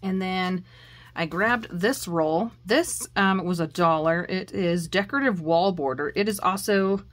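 A middle-aged woman hosting a crafting channel, showing off her haul in a chatty, excitable way with frequent laughs. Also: on the low side, a little slow. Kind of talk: casual show-and-tell haul vlog.

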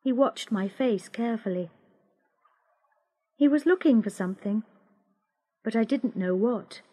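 A woman narrating a graded-reader story for English learners in a slow, clear, expressive way. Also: on the high side. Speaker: audiobook narrator.

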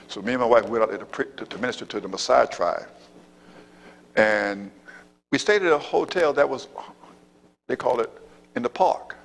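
A man's voice: mid-range voice, normal speed, vocal fry, pauses often. A male pastor delivering a sermon in an ordinary mid-range voice. He works the room in call-and-response, repeating himself and tossing in amen and praise God. His words echo through a large church hall with a long reverb tail. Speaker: apostle and pastor. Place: church sanctuary.

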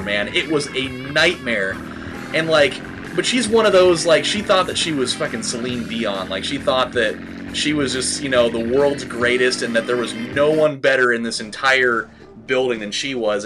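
A man giving casual gaming commentary. He rambles, swears, fills every pause with "like" and "dude", and shouts at the game when it goes wrong. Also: medium pitch. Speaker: let's play host.

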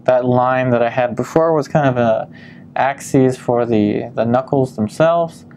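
Man, painting instructor, relaxed demo narration, soft fry in the voice. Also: mid-range voice, measured pace, a little hiss or hum. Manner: calm step-by-step explaining with frequent ums.

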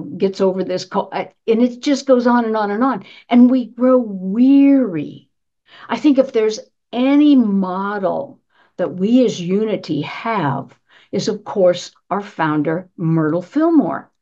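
A woman minister with a medium-pitched, somewhat mellow voice gives a sermon in a church sanctuary, recorded with lo-fi sound. Her style is conversational, full of rhetorical questions and repeated key phrases for emphasis.

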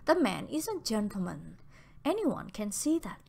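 Storybook part: sensible young cousin, read by a woman, firm, bright and animated. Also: mid-range voice, measured pace, creaky, heavily acted. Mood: brisk. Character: brisk, sensible young woman, kindly teasing.

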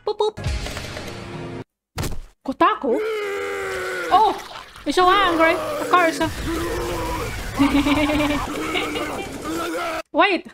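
A woman giving an excitable video reaction commentary as a VTuber, laughing and exclaiming often. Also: extremely high pitch, drawn-out words, pauses often. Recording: video's music playing behind.

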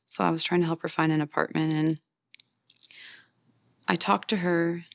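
A woman in her forties speaks in a deep, heavily gravelly voice, telling her story plainly and haltingly with lots of fillers and restarts. The sound is dry and close, with no room around it. It is an interview for a documentary. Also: level tone, no room sound. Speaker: grieving mother interviewed for a documentary. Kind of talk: personal testimony in an interview.

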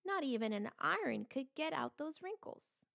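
A woman voicing a curious, adventurous male dog in a children's storybook, speaking in a lively, exclaiming way. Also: high voice, moderate pace, vocal fry, voice pushed up, exaggerated voice. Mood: playful.

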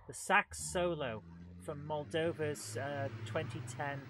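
A man streaming a video game live, chatting with viewers in a casual, self-mocking way. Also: medium pitch. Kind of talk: live let's-play commentary. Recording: game sounds noisy underneath. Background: game engine and vehicle noise.

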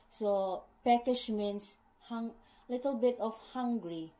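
A woman's voice: a little high, slow, mellow, low-quality recording. A middle-aged woman explaining slang to her viewers in casual speech, repeating herself patiently and calling them guys, with non-native English phrasing. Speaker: vlogger teaching British slang.

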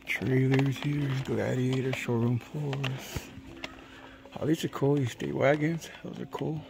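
A man's voice: mid-range voice, fairly even intonation, takes it slowly, creaky, noisy background. A man from California in casual commentary as he walks a hobby store, muttering laid-back reactions and ranting about prices. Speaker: diecast collector vlogger.

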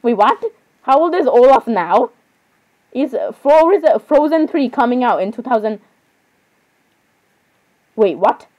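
A woman's voice: fairly high pitch, expressive, takes it slowly, long pauses, darkish tone, dull audio. A teenage girl casually reacting and commenting, rambling and saying sorry over and over with giggles. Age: teens. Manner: chatty, rambling, keeps apologizing with giggles.

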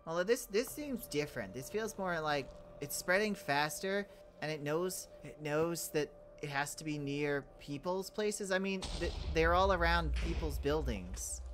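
Low animated woman host in a game role-play, big swings in her delivery. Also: a little slow, a little hiss or hum. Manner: animated, jumping between alarm and calm musing. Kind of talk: in-character role-play chat with a channel outro.

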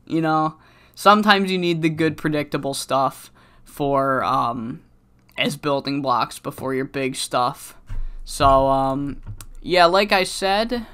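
A man's voice: fairly high pitch, slow, sharp tone, clean tone. A man commentating on his game in a rambling, profane casual style, his voice cracking from being sick. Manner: rambling, profane, many fillers. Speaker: let's-play commentator.

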